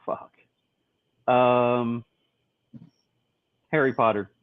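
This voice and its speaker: A man co-hosting a podcast in casual chat, halting with filler sounds and the odd swear word. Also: mid-range voice, steady tone, clear, resonant tone, no room sound. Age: adult. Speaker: podcast co-host. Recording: tinny lo-fi phone-like sound.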